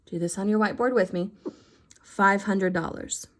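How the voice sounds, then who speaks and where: A woman's voice: medium pitch, moderate pace. A woman teaching her fifth grade math class in a recorded lesson, talking to her students in a heartfelt, affectionate and encouraging way. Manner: encouraging, upbeat teaching talk.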